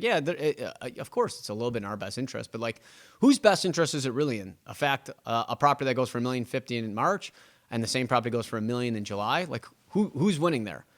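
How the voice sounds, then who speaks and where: A young man, a real estate agent hosting a casual, rambling monologue and acting out what his clients say. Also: medium pitch. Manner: rambling, animated, acts out clients' quotes.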